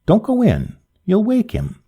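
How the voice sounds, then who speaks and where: Distraught young woman played by a man, high-pitched, pleading, frantic, mellow tone, story reading. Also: huge pitch swings, a little slow, heavily acted. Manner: pleading, then shrill and frantic.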